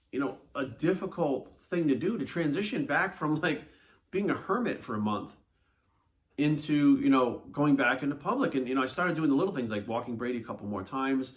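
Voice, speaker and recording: A man, a fitness coach, telling a personal story in a blunt, animated way with a lot of swearing. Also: mid-range voice. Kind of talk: casual monologue to camera.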